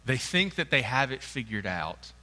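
A man's voice: medium pitch, very animated, normal speed, pushed and bright. A man preaching a sermon in an earnest, emphatic and conversational way. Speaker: pastor. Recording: long hall reverb.

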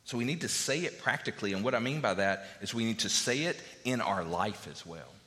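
A man preaches to his congregation in a loose, conversational way, doubling back on his words and dropping in fillers. His voice sits a bit low but carries a bright, forceful edge. The sound rings out with a long reverb, as in a large church. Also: animated, fairly quick. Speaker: pastor. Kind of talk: sermon.

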